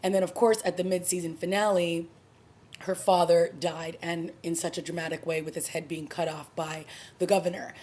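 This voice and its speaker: A woman's voice: fairly low pitch, little pitch movement, normal speed, darkish tone. A woman casually reviewing a TV episode, recapping the plot in a chatty, conversational way. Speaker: TV review vlogger.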